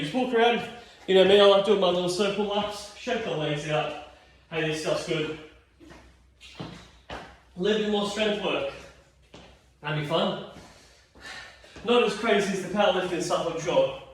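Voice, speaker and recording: A man's voice: high-pitched, normal speed, long pauses, slight background noise. A man leading a home exercise class, tired and yawning, chatty and encouraging as he counts reps. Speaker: fitness instructor. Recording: very echoey room, mic at a distance.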